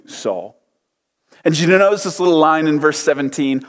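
A man's voice: fairly high pitch, animated, moderate pace. A man in his thirties preaching a sermon as a pastor, conversational and often asking his listeners questions. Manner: conversational, asks the audience questions. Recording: long hall reverb.

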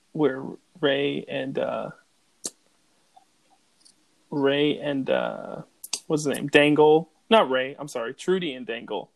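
A man's voice: medium pitch, creaky, no room sound. A man co-hosting a podcast, chatting loosely and laughing as he tells stories. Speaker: podcast co-host. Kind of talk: casual chat.

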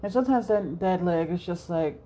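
A woman's voice: lowish voice, slow pace, mellow. A young woman hosting a solo podcast, rambling casually, swearing freely and laughing often. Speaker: podcast host.

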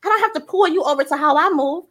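An energetic transparency coach talks in a casual chat, her high-pitched voice bright, lively and emphatic at a quick pace. She keeps repeating her points to drive them home.

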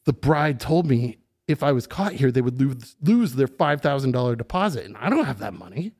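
A middle-aged man, a podcast guest, casually telling an animated story and swearing freely. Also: fairly high pitch. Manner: animated, swears freely, acts out voices in quotes.

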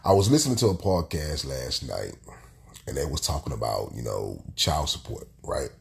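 A man's voice: very deep voice, expressive, moderate pace, creaky. A man, stuffy and congested from illness, rambling through a casual solo podcast monologue and repeating his phrases. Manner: rambling, repeats phrases, lots of "you know". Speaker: podcast host.

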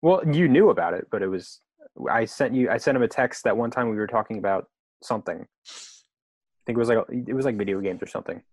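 Fast-talking man telling teasing stories. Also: fairly low pitch, expressive, darkish tone, dry recording. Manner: quick anecdotal storytelling, teasing. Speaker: podcast co-host. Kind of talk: casual chat.

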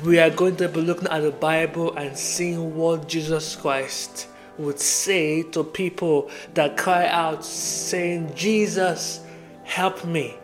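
A man's voice: fairly high pitch, little pitch movement, takes it slowly, faint music behind. A man preaching a devotional podcast sermon, earnest and repetitive, reading Bible verses aloud.

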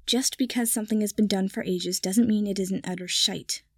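A woman's voice: mid-range voice, steady tone, normal speed, no room sound, natural voice. A sour young nobleman with a clipped, muttering delivery, as a woman reads him in a storybook telling. The voice is dry and close. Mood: irritated.

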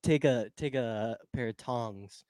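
A man's voice: mid-range voice, slow pace, a little mellow, no echo, clean studio sound. A man co-hosting a casual podcast chat, playful and rambling, laughing often. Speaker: podcast co-host.

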